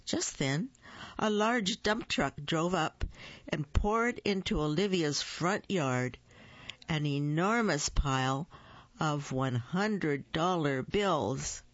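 A storyteller reads a picture book aloud, slowly and deliberately, stumbling now and then. The sound is dry and close to the mic, and the recording is dull and a little muffled. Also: mid-range voice, lively intonation, fairly bright tone, no room sound. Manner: slow, deliberate reading with small slips.

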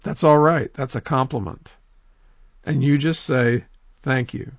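A man telling a folk tale in a lively oral storytelling manner, talking straight to his listeners. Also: mid-range voice, unhurried, dry recording, dull audio. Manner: lively, animated, addresses listeners directly.

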